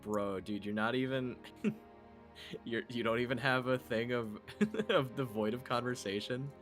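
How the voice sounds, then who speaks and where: A man's voice: mid-range voice, lively intonation, a little slow, faint music behind. A man in casual, joking chat with friends during a game livestream, swearing and laughing often. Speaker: gamer friend on livestream call.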